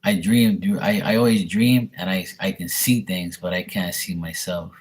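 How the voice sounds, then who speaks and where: Man, deep voice, young adult, tarot reader, loose rambling delivery, webcam mic. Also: steady tone, normal speed. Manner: rambling, filler-heavy, relaying messages. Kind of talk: live stream reading. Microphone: webcam at desk.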